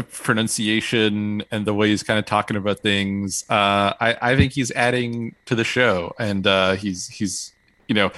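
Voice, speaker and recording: A man co-hosting a casual podcast, wry and opinionated. His voice is low yet bright and forceful, with a dry, close sound. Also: no room sound, low-quality recording. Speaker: podcast co-host. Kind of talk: casual chat.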